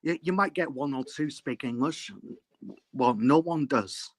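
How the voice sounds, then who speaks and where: A man's voice: mid-range voice, measured pace, no echo. A man with a North Welsh accent chatting casually on a group live call, hesitant and full of ums and restarts. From Wales.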